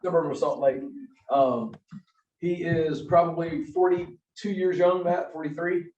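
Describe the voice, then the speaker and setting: A man with a Southern accent hosts a small office gathering, talking in a relaxed, rambling way. He is picked up from far away in an echoey meeting room, and the sound is dull and muffled. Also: fairly high pitch, a little slow. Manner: relaxed, rambling, with many fillers. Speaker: host. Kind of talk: casual hosting remarks.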